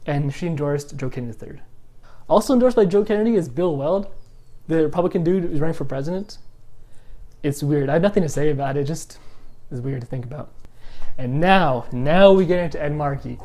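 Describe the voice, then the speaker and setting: Blunt, impassioned vlogger with a mellow voice. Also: medium pitch. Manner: blunt and impassioned, with quick asides. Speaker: host of an environmental channel. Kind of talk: opinionated political vlog.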